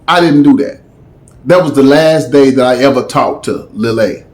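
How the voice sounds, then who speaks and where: Animated man telling a story. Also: a little high, measured pace. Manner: animated, slangy storytelling with dramatic asides. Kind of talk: casual storytime.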